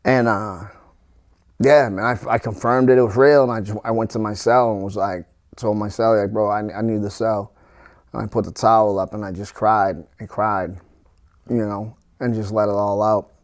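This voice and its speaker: A middle-aged man, a podcast guest, telling a painful personal story in a halting way, full of restarts and fillers. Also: on the low side, fairly even intonation.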